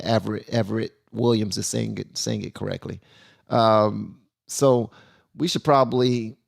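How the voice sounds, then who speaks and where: A man's voice: fairly low pitch, gravelly. A man hosting a casual live stream and talking loosely, with many fillers and restarts.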